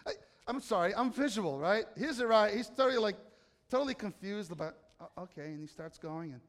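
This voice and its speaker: A man with a notably high voice preaches a sermon, chatting and joking with his listeners and quizzing them as he goes. His words ring out with a long reverb, as if heard in a big hall. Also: animated, fairly quick. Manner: conversational, joking, quizzes the congregation. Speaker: pastor.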